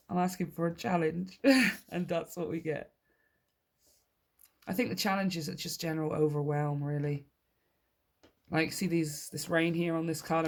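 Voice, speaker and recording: A woman's voice: low voice, slight background noise. A woman giving a casual tarot reading to her viewers, upbeat and encouraging, often laughing and repeating key phrases for emphasis. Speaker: tarot reader.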